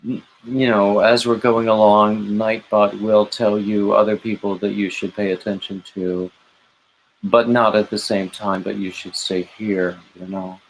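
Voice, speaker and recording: A man hosting a late-night livestream in a leisurely, drawn-out way, rambling through stories and greeting chat viewers by name. His tone turns gushing and emotional in asides. A faint hiss sits under his voice. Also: lowish voice, little pitch movement, low-quality recording. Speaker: livestream host.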